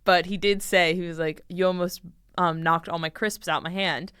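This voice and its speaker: Young woman, podcast co-host, casual storytelling, smooth clear voice, dry close sound. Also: on the low side, normal speed, dry recording. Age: young adult. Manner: animated storytelling, acting out quoted dialogue. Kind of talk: casual chat.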